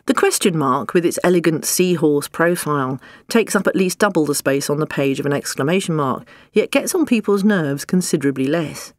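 A narrator reads a comic nonfiction audiobook with a dry, wry wit. The voice sits at a middling pitch and is recorded close and dry, with no room sound around it. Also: brisk, hardly any pauses, dry recording.

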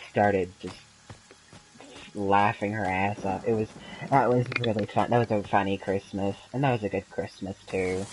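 A young adult who runs a gaming channel offers casual commentary on gameplay, rambling through stories full of ums and breaking into sudden laughter. The voice is medium-pitched and a little mellow, on a rough recording with some hiss or hum.

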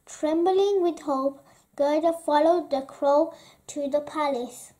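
Woman narrating a children's book aloud, high voice, very slow and expressive. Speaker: storyteller.

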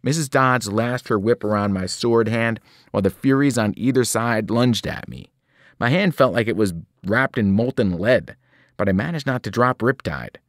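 A man reading a novel aloud to students, telling the story in a lively way and breaking into sudden voiced cries. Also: mid-range voice, normal speed, no echo, studio quality. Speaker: reader.

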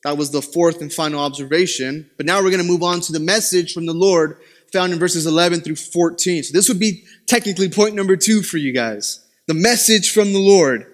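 A young male pastor delivers his sermon in a high, bright voice. He tells stories with lively, self-deprecating humor. His pitch swings sharply for dramatic emphasis. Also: a little fast.

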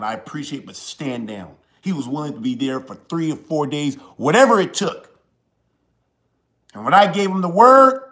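A man in his forties hosting a live show, delivering a preachy, impassioned monologue. He repeats his points, dropping to a hush and then rising to forceful emphasis. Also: medium pitch. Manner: preachy, swings from hushed to forceful, repeats lines.

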